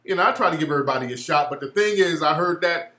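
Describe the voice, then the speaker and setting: A man, hosting a casual livestream and telling blunt, profane, animated stories. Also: a little high, racing, reverberant. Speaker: show host.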